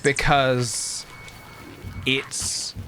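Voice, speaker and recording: Very slow, wry male streamer. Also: medium pitch, level tone, sharp tone, a little hiss or hum. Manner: deliberate, wry, careful word choice. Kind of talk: live-streamed game commentary.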